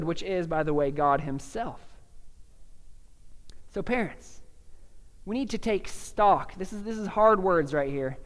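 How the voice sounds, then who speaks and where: Man, young pastor, sermon, high voice, earnest conversational delivery, echoing church hall. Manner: earnest, conversational preaching with restarts and soft laughs.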